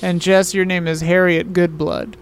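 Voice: mid-range voice, flat delivery, normal speed. A player chatting loosely and laughing often while sorting out characters for a tabletop game. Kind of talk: casual chat setting up a tabletop game.

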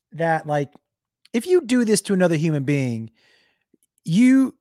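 A young adult man, a comedian, telling a comic story with lively bursts into shouted voices. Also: on the high side, dry recording, studio quality. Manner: animated, jumps into shouted impressions.

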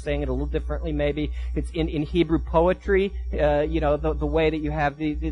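A man preaching a sermon, often repeating and restarting words and building to loud emphatic peaks. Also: a little high. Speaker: pastor.

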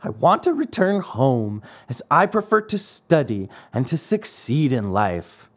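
A man's voice: medium pitch, wildly swooping pitch, a little slow. A man voicing a wooden marionette boy in a storybook reading, earnest and wavering, with a pleading boyish tone.

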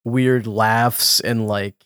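With a lowish, flat voice that's fairly bright and clean, this man speaks very slowly while co-hosting a podcast. The casual chat rambles with many fillers and restarts, and he laughs often. The studio recording is clean, with no room sound.

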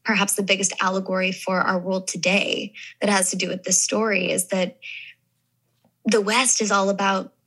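A young actress talks through an interview in a relaxed, reflective way. Her voice is bright and ringing, and she speaks at an even middle pitch. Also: normal speed, breathy edge, rough recording. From American South. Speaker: actress guest. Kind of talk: casual interview talk.

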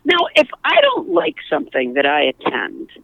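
Gravelly woman telling rambling stories. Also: deep voice, huge pitch swings, moderate pace, no echo, narrow, tinny audio. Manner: rambling anecdotal storytelling with many restarts. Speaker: comedian guest. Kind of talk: casual podcast chat.

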